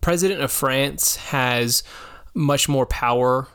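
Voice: medium pitch, slow, a bit bright, clear, resonant tone. A podcast co-host in casual chat, thinking aloud and often repeating words while forming a point.

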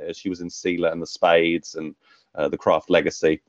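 A British man co-hosts a podcast, rambling casually about films with plenty of fillers and restarts. His voice sits low and his delivery is flat and brisk. The recording is muffled, with no room sound.

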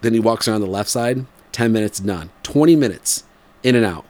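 Man, forties, lowish voice, casual storytelling, rambling, laughing. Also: fairly quick, darkish tone. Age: 40s.

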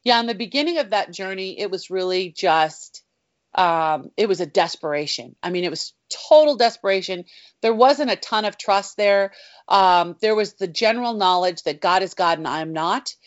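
A woman's voice: mid-range voice, expressive, normal speed. A middle-aged woman talking as a guest author about her faith, earnest and heartfelt, often saying "you know". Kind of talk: faith conversation. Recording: dry, slightly dull sound.

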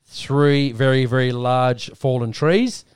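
A man's voice: medium pitch, slow pace, clear, resonant tone, no echo, clean studio sound. An Australian man hosting a podcast, telling a rambling story in casual chat and acting out what others said. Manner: rambling, animated retelling with quoted voices. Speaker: podcast host.

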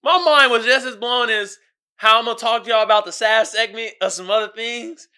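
A male podcast host in casual solo commentary, animated, swinging from mumbles to shouts and laughing often. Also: very high voice, fairly quick, smooth.

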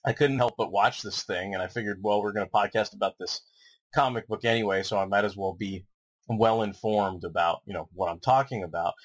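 A man's voice: fairly low pitch, fairly quick, poor audio. A man hosting a podcast, rambling sardonically and swearing as he reads a synopsis. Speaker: podcast host. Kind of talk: casual podcast chat, reading a synopsis.

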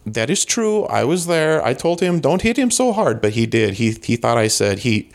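A man's voice: on the low side, level tone, normal speed, creaky, voice pushed down. A man putting on a goofy foreign cousin. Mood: playful. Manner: broken, sing-song foreign-sounding accent that drifts. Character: goofy foreign cousin, male, cheerful and naive. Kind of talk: comedy podcast bit.

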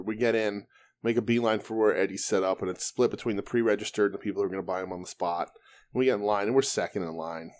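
Lower-voiced man telling a rambling story. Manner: rambling storyteller, laughs often, acts out quotes loudly. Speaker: podcast co-host. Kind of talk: casual chat.

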